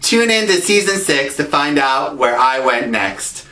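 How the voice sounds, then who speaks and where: A man hosting his own web series, telling comic travel stories in an animated, quip-filled way. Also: medium pitch, unhurried. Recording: roomy echo with music behind.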